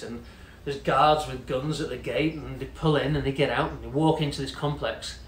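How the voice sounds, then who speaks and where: A man telling a long story in a chatty, casual way, full of "you know" fillers and quoted voices. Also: fairly high pitch. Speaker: company CEO telling a story. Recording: echoey room with faint noise.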